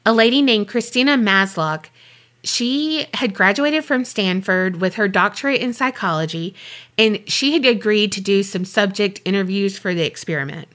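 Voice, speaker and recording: A woman's voice: mid-range voice, animated, normal speed, a bit bright. A woman co-hosting a podcast, telling a true-crime story in a loose, chatty way with offhand swearing. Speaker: podcast co-host.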